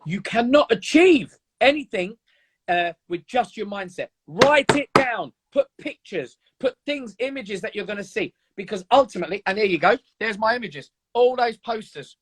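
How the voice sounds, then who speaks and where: A man's voice: high voice, animated, normal speed, fairly bright tone, slightly rough. A man speaking as a guest in an earnest, emphatic, motivational chat, often repeating words for force.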